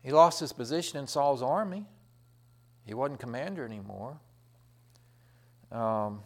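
A man's voice: mid-range voice, animated, unhurried, long pauses. Folksy rambling male preacher. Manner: folksy, rambling retelling with many fillers and restarts. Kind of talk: sermon.

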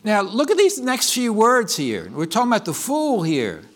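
Animated male preacher, lively voice. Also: high voice, normal speed. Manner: animated storytelling, with frequent restarts and self-corrections. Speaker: pastor. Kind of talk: sermon.

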